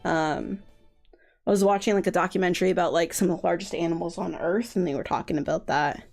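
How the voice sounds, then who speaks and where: A woman's voice: lowish voice, fairly even intonation, quick pace, vocal fry, a little mellow, faint music behind. A woman streaming a visual novel, chatting in a rambling, giggly way and swearing freely. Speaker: let's play streamer. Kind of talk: casual chat while streaming a game.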